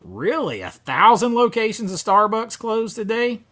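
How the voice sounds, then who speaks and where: Male streamer host, casual rambling chat, bouncy slightly high delivery. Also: big pitch swings, moderate pace, a bit bright. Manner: rambling, many fillers and restarts. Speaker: livestream host. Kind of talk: casual live chat reading viewer comments.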